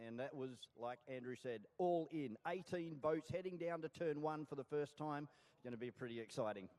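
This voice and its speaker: Relaxed Australian male co-commentator. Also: a little high. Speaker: motorsport co-commentator. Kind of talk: live sports commentary.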